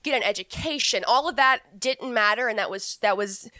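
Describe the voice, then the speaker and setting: A woman's voice: a little high, moderate pace, bright, forceful tone, dry recording. A young woman in her twenties co-hosting a podcast, talking casually and frankly and laughing often. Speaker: podcast co-host.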